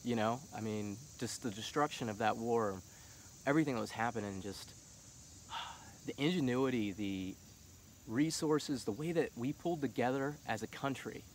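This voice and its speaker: A man's voice: mid-range voice, normal speed, a little hiss or hum. A middle-aged man talking casually and passionately, full of fillers. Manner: passionate, rising to heated shouting; casual, filler-heavy talk. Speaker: vlogger. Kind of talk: casual monologue on politics.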